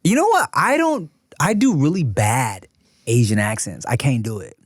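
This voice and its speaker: Brief: male co-host, mid pitch, relaxed slangy banter, dry close mic. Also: moderate pace, no room sound. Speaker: podcast co-host. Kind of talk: casual podcast chat.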